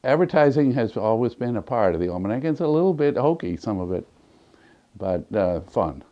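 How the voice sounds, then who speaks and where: A man's voice: mid-range voice, sing-song, normal speed, dark tone, dull audio. A man in his seventies, an almanac editor, telling folksy anecdotes in a documentary interview, with plenty of fillers. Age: 70s.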